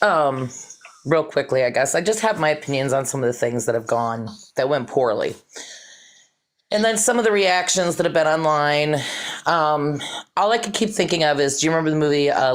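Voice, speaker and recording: A woman with a notably low voice calls in to a live stream. She is frank and matter-of-fact, saying plainly what she thinks. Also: lively intonation, moderate pace. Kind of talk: casual chat.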